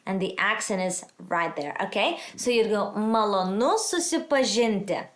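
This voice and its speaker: A woman teaching a casual language lesson, encouraging and a little self-deprecating, slowing down to model each word. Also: mid-range voice, fairly bright tone. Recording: echoey room.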